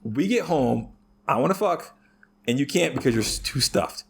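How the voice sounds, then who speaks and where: A man chatting casually as a podcast guest, swearing heavily and telling crude stories in an animated way. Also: medium pitch, normal speed, creaky, breathy edge. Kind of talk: casual chat.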